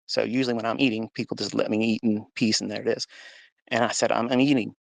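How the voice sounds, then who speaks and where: A man's voice: lowish voice, level tone, fast talker, creaky, no room sound. A man telling an emotional personal story of faith, earnest and emphatic, acting out the dialogue as he goes. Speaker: speaker sharing a personal testimony. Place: at home. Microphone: phone for a live audio chat.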